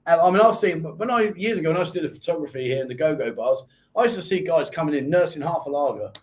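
A man's voice: fairly high pitch, lively intonation, fast talker. A man with a London accent hosting a live chat show, reading out viewer comments and answering them in a chatty way. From England. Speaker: host. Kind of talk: casual live-stream chat.

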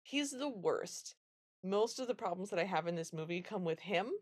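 With a voice on the low side and a quick pace, a woman co-hosting a podcast chats through a film recap. She brings it to life by acting out what the characters say.

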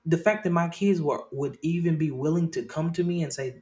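The host, a man in his thirties, runs a casual talk show podcast and talks a little fast in a roomy-sounding space. He swears freely, repeats and restarts phrases, and shifts from low murmurs into loud bursts of excitement.

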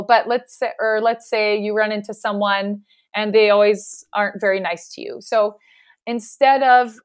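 A woman, a physical therapist, talking at length as an earnest, reflective guest in a casual interview. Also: medium pitch.

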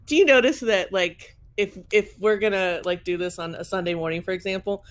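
A woman's voice: medium pitch, a little fast. A woman co-hosting a podcast, chatting casually and recapping a movie. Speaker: podcast co-host. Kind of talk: casual chat about a movie.

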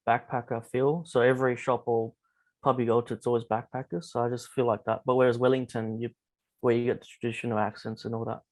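A man co-hosts a podcast, rattling along at a quick clip. He is blunt and teasing, and the sound is dry and close. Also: medium pitch, flat delivery, no room sound. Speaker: podcast co-host. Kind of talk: casual podcast chat.

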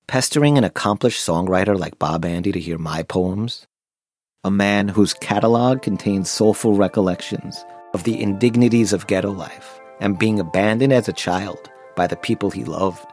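A man's voice: lowish voice, moderate pace, a little mellow, faint music behind. A man narrating his own memoir in the first person, wry and self-deprecating.

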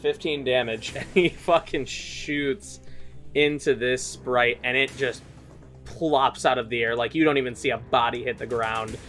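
A man's voice: medium pitch, steady tone, unhurried, a bit bright, soft background music. A man narrating a tabletop game as game master, casual and laughing, swearing freely.

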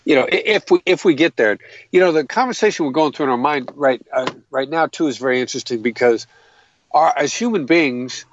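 A man's voice: on the high side, fairly quick, highs cut off, slight background noise. A man explaining negotiation tactics in an interview, earnest and methodical, often restarting his sentences. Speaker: guest, hostage negotiator.

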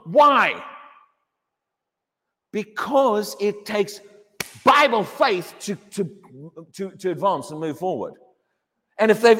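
A man preaching a sermon in a church, emphatic and given to repeating his words. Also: fairly bright tone. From England. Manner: emphatic, repeats words, mocks a wailing believer in a high voice. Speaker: pastor. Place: church hall. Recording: long hall reverb.

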